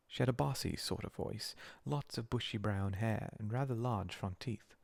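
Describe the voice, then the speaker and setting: A man reads a storybook in a slow, soothing whispered role-play. His low voice carries a gravelly grain, and the sound is close and dry with no room around it. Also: no room sound. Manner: slow, soft, soothing reading. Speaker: narrator.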